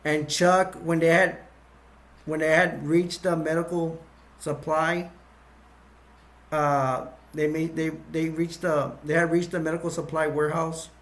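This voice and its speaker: A man with a slightly high voice recaps a film's plot in loose, casual talk. He wanders through the story with plenty of fillers, false starts and self-corrections. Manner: rambling, with many fillers and restarts. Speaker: movie reviewer.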